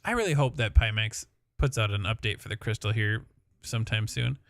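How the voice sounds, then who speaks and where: A man's voice: fairly low pitch, brisk, vocal fry, a bit bright, dry recording, clean studio sound. A man with a Midwestern accent chatting casually on a live stream, rambling and laughing as he talks. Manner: rambling, laughing, swears freely.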